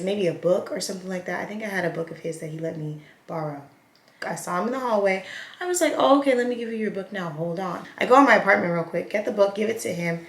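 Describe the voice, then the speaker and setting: A young woman chats through a messy storytime while putting on her makeup. She talks in a lively, animated way and acts out everyone's lines. The sound bounces around an echoey room. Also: lowish voice. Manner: chatty, animated, acts out quotes. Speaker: vlogger.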